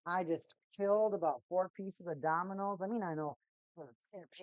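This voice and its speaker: A woman hosting a casual live stream at home, chatty and repeating her catchphrases in excited bursts. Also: on the low side, moderate pace, dry recording, dull audio.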